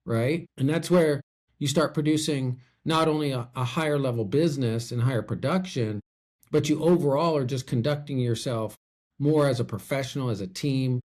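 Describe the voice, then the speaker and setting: A man's voice: mid-range voice, moderate pace, a little mellow. A middle-aged man who works as a loan officer, speaking in a conversational, storytelling way as a podcast guest. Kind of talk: casual podcast chat.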